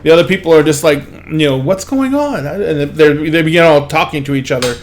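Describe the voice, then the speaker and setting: A man's voice: a little high, steady tone, quick pace. A man narrating a tabletop game as game master, in loose, rambling sentences full of fillers.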